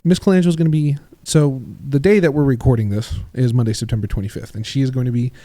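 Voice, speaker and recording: A man's voice: steady tone, quick pace, mellow, dry recording. Chatty man hosting a podcast. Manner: chatty, storytelling, acts out quotes with rising pitch. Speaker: podcast host. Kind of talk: casual interview chat.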